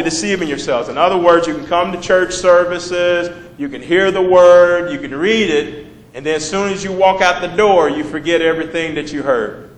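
A man's voice: on the high side, normal speed. Man preaching a casual sermon, echoey room. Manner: conversational, asks the congregation questions.

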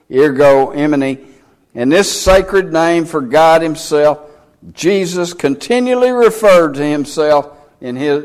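A man preaching a sermon, reading scripture in old King James wording with slow, deliberate emphasis. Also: on the high side. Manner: reads scripture aloud in King James English.

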